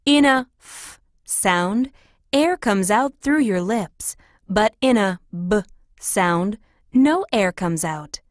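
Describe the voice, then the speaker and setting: A woman reading example classroom phrases in a clear, careful, instructive way. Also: medium pitch, expressive, takes it slowly, no room sound. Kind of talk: scripted reading of example sentences.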